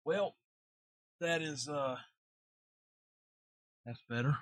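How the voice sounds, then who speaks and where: A man's voice: fairly high pitch, extremely slow, no room sound, clean studio sound. A man chatting casually and telling stories while streaming a farming game. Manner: relaxed, rambling storyteller. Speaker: gaming streamer. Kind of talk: casual chat while playing.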